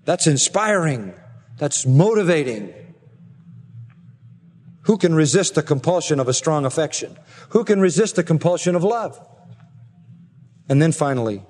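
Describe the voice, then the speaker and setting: A man preaching an expository sermon earnestly, slowing down and rising in pitch to stress his points. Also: darkish tone. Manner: earnest preaching, slows and rises for emphasis. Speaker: pastor. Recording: long reverb of a large hall.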